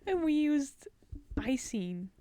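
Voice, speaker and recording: A young woman co-hosting a casual podcast chat, laughing often and slipping into soft half-whispered asides. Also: high voice, big pitch swings, takes it slowly, dry recording. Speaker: podcast co-host.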